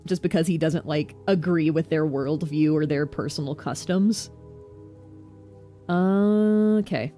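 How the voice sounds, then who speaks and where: A woman vtuber giving casual gameplay commentary, chatty and self-mocking, with quick asides. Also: low voice, dark tone, faint music behind. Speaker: vtuber streamer.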